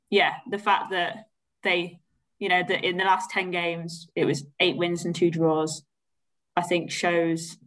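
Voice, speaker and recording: Low, flat-voiced woman on a podcast. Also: low-quality recording. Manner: rambling, many fillers and hedges. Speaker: podcast co-host. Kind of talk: casual football podcast chat.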